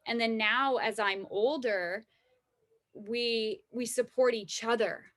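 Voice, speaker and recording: A woman's voice: fairly high pitch, takes it slowly. A woman giving a casual self-help talk about self-love, speaking conversationally and often checking in with "right?" and "you know?". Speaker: wellness teacher.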